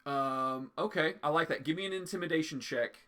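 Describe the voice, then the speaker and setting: Bright-voiced male game master. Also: a little high, brisk. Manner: relaxed, with fillers. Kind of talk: narrating a tabletop game.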